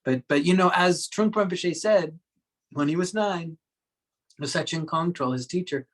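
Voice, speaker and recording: A man giving a dharma talk to his workshop group as a meditation teacher, speaking in a gentle, reflective way with soft laughs. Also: on the high side, normal speed, poor audio.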